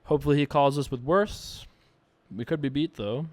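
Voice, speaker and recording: A man's voice: on the high side, normal speed, dry recording. A man casually commentating his own online poker session, thinking aloud and joking at himself.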